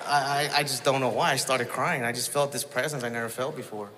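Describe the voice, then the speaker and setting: A man telling his personal testimony in a casual storytelling way, halting, with many restarts and quoted asides. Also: mid-range voice, steady tone, big-room sound, a crowd in the background.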